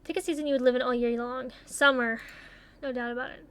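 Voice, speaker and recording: A young woman chatting casually as she takes online quizzes, swearing freely and thinking out loud. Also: sits high, steady tone, fast talker, clean tone. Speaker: YouTuber taking online quizzes. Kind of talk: casual commentary while playing.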